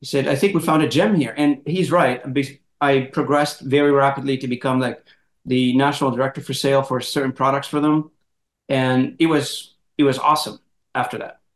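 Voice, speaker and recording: A man hosting an interview, telling a personal story in a lively, animated way and acting out quotes. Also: mid-range voice, a little fast, reverberant. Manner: animated, laughing storyteller who acts out quotes. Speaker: podcast host, moderator. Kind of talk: casual storytelling in conversation.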